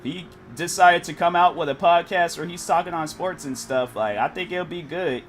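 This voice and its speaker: A man's voice: a little high, normal speed, a little hiss or hum. A young man streaming a racing game, chatting casually in rambling, laid-back slang. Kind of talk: casual chat while gaming.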